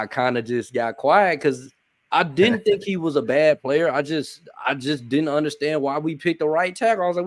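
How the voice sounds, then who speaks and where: A man hosts a casual podcast and talks in a relaxed, rambling way. He drops "man" and "bro" into nearly every line. His voice is close and dry, with no room sound. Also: fairly high pitch, no room sound. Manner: laid-back, fills almost every sentence with "man" and "bro". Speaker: podcast host. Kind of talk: casual chat.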